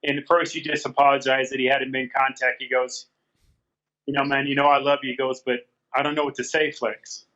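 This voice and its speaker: A man's voice: medium pitch, level tone, fairly quick, bright, forceful tone, lo-fi sound. A man telling a personal story in a candid interview, earnest and repeating his phrases as he quotes past conversations. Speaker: guest.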